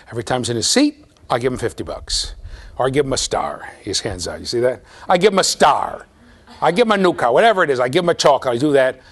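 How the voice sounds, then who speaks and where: A man's voice: mid-range voice, a bit bright. A man giving a university lecture to a large class, playful and talking straight to his students. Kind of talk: classroom lecture with live demonstration.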